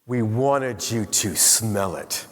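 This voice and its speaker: A middle-aged man giving a motivational keynote speech to a live audience in a large hall, telling an animated story and quizzing the crowd. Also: lowish voice, slow. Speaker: keynote speaker. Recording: long hall reverb.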